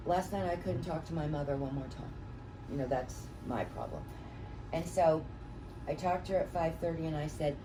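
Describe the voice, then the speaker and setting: A middle-aged woman leads a training class in a chatty, anecdotal way, with a somewhat low voice. She is picked up from a distance, with clear background noise in the room. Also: normal speed. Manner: folksy, anecdotal, chatty storytelling. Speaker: real estate trainer.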